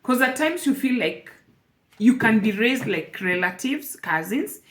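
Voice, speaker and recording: A woman's voice: fairly high pitch, lively intonation, measured pace. A woman speaking to camera in an emotional personal vlog, earnest and repeating phrases for emphasis. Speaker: vlogger.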